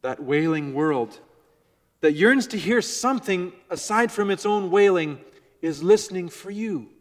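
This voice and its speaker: Middle-aged male pastor, slightly high voice, earnest sermon delivery with soft hushed emphases, echoing sanctuary. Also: expressive, a little slow. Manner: earnest, varies volume, drops to soft near-whisper on key words. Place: church sanctuary.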